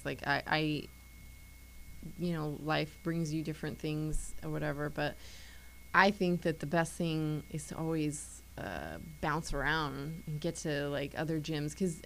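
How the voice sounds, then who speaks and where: A woman's voice: low voice, gravelly, low-quality recording. A woman who teaches martial arts, chatting casually as a guest and filling her talk with "like". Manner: chatty, lots of "like" fillers. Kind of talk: casual chat.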